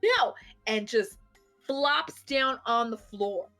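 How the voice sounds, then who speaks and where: A young adult woman co-hosting a podcast, casually telling an animated anecdote and swearing offhandedly. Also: mid-range voice, normal speed, faint music behind. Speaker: podcast co-host. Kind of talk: casual chat.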